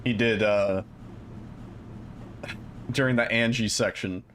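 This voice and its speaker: A man's voice: fairly low pitch, fairly even intonation, slow pace, background noise. A young man streaming a game speedrun, chatting casually and loosely with viewers, rambling and swearing now and then.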